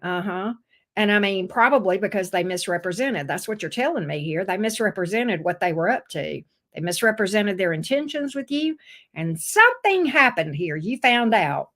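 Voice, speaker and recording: A woman giving a casual tarot reading to camera, expressive and swearing freely as she acts out the viewer's voice. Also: mid-range voice, normal speed. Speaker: tarot reader.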